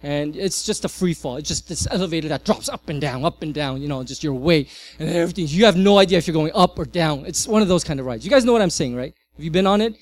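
A man in his thirties, a pastor, preaching a sermon and telling a family story with lively swings from loud to hushed. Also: fairly high pitch, fast, hardly any pauses.

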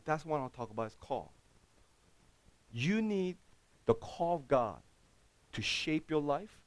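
A man preaching a sermon as pastor, speaking with dropped articles and swinging between loud outbursts and quiet asides. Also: fairly high pitch, dry recording. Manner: plain broken English with dropped articles.

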